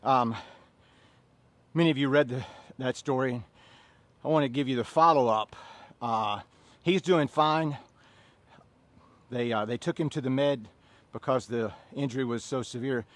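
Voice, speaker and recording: A man in his fifties leading a workout class, chatting and joking between sets and counting reps in loud bursts. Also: medium pitch, unhurried, no echo. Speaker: fitness instructor.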